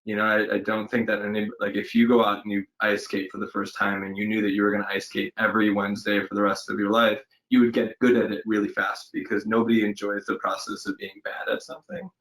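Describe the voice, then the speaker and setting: A man's voice: fairly low pitch, monotone, fast, hardly any pauses, fairly bright tone, low-quality recording. A man, an actor, answering interview questions in a thoughtful, hesitant way, with many fillers and restarts, recorded from home. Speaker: actor guest. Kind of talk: casual interview over video call. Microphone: home setup during lockdown.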